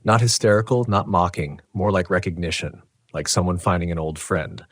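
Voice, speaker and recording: A man narrating a scripted horror story in a measured, tense way. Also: low-pitched, no echo.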